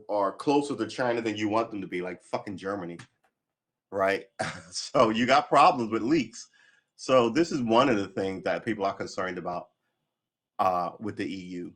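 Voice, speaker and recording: A man's voice: fairly low pitch, normal speed, fairly bright tone. A man reading news articles aloud on a livestream, stumbling over the text and adding sarcastic asides. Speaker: livestream host.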